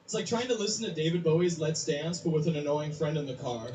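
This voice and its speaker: A woman's voice: low-pitched, animated, fast, crowd noise. A woman doing stand-up comedy, ranting with lots of swearing and acting out quotes. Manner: profane, ranting, acts out quotes. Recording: echoey room.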